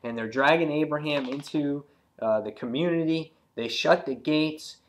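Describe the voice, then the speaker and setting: A man reviewing a comic book in casual talk, retelling scenes excitedly with many fillers and acting out the characters' lines. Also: fairly high pitch, normal speed. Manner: loose and rambling, many fillers.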